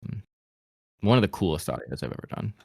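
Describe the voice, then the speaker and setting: Deep-voiced man chatting on a podcast. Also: quick pace, creaky, no echo, studio quality. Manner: relaxed, chatty, laughs often. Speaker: podcast guest, voice actor. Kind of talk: casual podcast chat.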